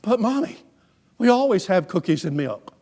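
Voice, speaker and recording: A man's voice: big pitch swings, normal speed, a little mellow. A man voicing a clingy, whining four-year-old boy. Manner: whining, high-pitched.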